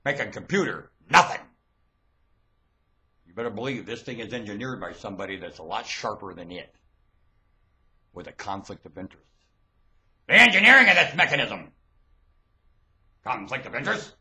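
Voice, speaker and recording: A man delivering a rambling, preachy monologue rant into a webcam, swinging from low muttering to loud shouting. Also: big pitch swings, moderate pace, pauses often. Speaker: webcam vlogger.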